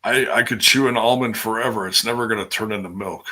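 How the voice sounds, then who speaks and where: A man's voice: fairly low pitch, fast, bright, forceful tone. A man from Wisconsin co-hosting a casual podcast stream, hesitant and stammering, with a wry humor. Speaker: podcast co-host. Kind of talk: casual live-stream chat.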